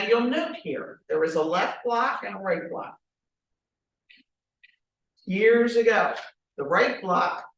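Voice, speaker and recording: A woman running a training class talks in a direct, animated way and keeps asking rhetorical questions. She stands some way from the microphone. Her voice rings through a very echoey room. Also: fairly low pitch, far from the mic. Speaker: real estate trainer.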